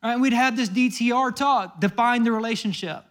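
A high-pitched man preaches a sermon in a chatty, storytelling way. He slips into little acted-out voices for the people in his stories. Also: brisk, a bit bright. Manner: conversational storytelling with acted quotes. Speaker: pastor.

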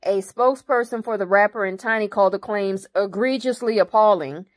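A woman's voice: mid-range voice, brisk. A woman hosting her own commentary channel, reading news articles aloud and breaking off into blunt, profane opinions.

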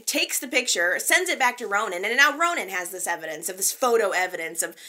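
A woman hosting a soap opera recap show, talking in an excitable, gushing fan manner with many fillers. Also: mid-range voice, a little fast. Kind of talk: casual recap commentary.

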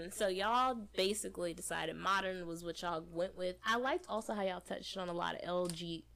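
A woman's voice: lowish voice, moderate pace, vocal fry, fairly bright tone. A woman co-hosting a casual podcast, explaining her views in long, earnest run-on talk. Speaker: podcast co-host.

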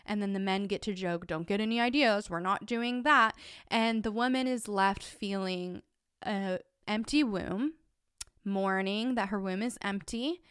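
A woman's voice: mid-range voice, clean tone, no echo, studio quality. A woman in her thirties, a stay-at-home mom, talking earnestly and with emphasis to her listeners. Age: 30s. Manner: earnest, emphatic, rising when pressed. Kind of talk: personal talk to camera.

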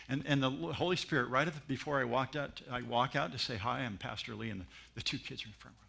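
Animated, bright-voiced male pastor. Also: mid-range voice, quick pace, creaky. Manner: animated storytelling with mimicry and laughs. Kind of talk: sermon.

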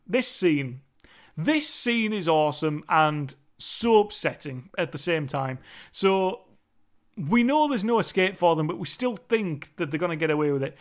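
A man recapping a film scene in a casual, emphatic, sweary way, often repeating himself. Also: high voice. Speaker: movie reviewer.

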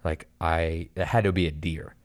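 A man telling a long story in casual chat, animated and rambling, full of "dude" and "like". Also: deep voice, normal speed.

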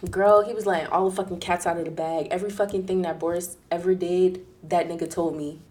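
A young woman telling a casual story in an animated, profane way, acting out the people she quotes. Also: quick pace. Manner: acts out quoted people in a higher, louder voice.

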